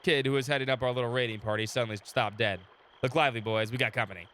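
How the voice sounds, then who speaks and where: A man's voice: mid-range voice, steady tone, very fast, a bit bright, slight background noise. A man with a sore throat chatting casually on a live game stream and reading the game's story text aloud. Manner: chatty, talks to chat between readings, laughs often. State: sore throat, recovering from illness.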